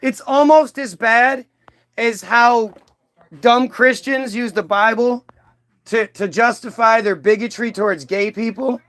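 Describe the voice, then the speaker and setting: High-pitched man ranting in stand-up. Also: fairly bright tone. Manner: profane, mocking, acts out characters in silly voices. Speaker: comedian. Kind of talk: stand-up comedy rant.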